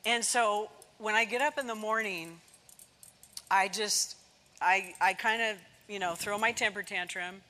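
A woman's voice: mid-range voice, measured pace, pushed and bright, long reverb tail. A woman giving a personal devotional talk in an earnest, confiding way, with many small fillers. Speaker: devotional speaker.

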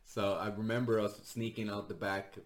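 A man's voice: lowish voice, level tone, moderate pace. A man, a stand-up comedian, telling a story in casual chat, laughing often and swearing freely. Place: Sweden.

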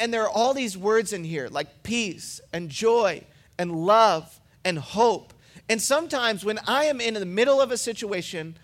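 High-voiced pastor preaching conversationally. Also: male voice, fairly bright tone. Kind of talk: sermon.

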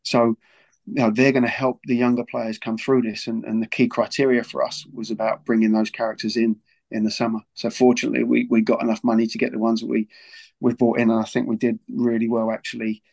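A man speaking in an earnest, unhurried way about his football club, stumbling over and repeating words. His voice is gravelly with a flat, level delivery that barely rises or falls. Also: mid-range voice. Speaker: football club figure as guest. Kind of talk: casual podcast talk.

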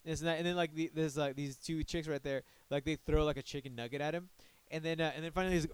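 A man in casual podcast chat who rattles off a rambling story at speed, stringing it together with "like" and restarts. His voice is smooth and clear, and it sits a little high for a man. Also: steady tone, racing, no room sound. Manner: rambling storyteller, heavy use of "like". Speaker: podcast co-host.

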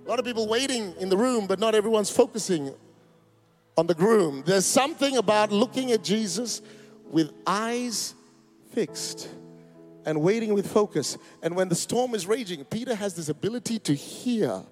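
A man's voice: sits high, lively intonation, moderate pace, faint music behind. A man, preaching a sermon in a church, emphatic and rousing with joking asides. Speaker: pastor. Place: church auditorium.

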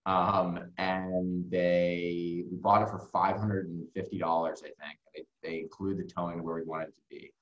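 A man's voice: low-pitched, little pitch movement, normal speed, hardly any pauses, lo-fi sound. A man guest telling a long story casually, rambling with plenty of fillers and swearing. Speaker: music video director, guest. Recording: roomy echo.

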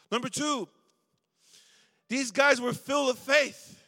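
In an extremely high, sharp, creaky voice, a middle-aged man preaches a little slowly to young people as a guest at a youth service. He speaks conversationally and calls on the crowd to answer, with long reverb from the church hall.

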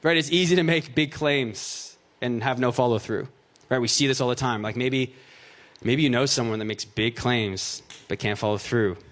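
A man's voice: mid-range voice, moderate pace, a bit bright. Casual, joking preacher man. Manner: casual, joking asides, fillers of "like" and "right?". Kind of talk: conversational sermon with scripture reading.

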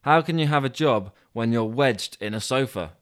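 A man narrating a comic story with dry, deadpan asides. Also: mid-range voice, moderate pace. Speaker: podcast host and storyteller.

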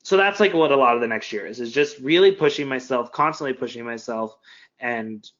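Candid young man, bright muffled voice. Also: mid-range voice, a little fast. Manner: candid, self-deprecating, many fillers. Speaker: podcast guest. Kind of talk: casual interview chat.

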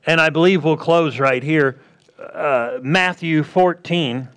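A man preaching a sermon, acting out quoted voices and swinging between loud bursts and hushed asides. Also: fairly high pitch, slow, smooth.

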